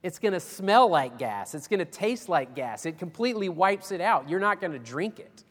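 A man's voice: sits high, big pitch swings, normal speed, big-room sound. A man preaching a sermon as pastor, folksy and emphatic, with homespun illustrations.

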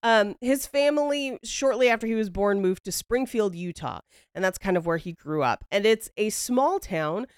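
A woman hosts a podcast and tells the story in loose conversation, wry and a little profane, laughing as she goes. Her voice is smooth and clear. The sound is close and dry, with no room around it. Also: medium pitch, expressive, moderate pace, few pauses, no echo. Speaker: podcast host. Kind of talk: casual storytelling chat.

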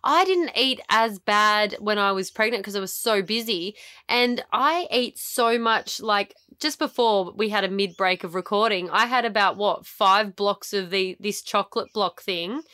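Bright, chatty woman co-host. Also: medium pitch, unhurried. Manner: chatty, laughs easily, self-mocking. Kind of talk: casual chat.

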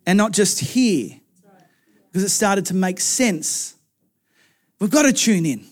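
A man preaching a sermon in an earnest, conversational way who often repeats words as he speaks. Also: very high voice. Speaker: pastor.

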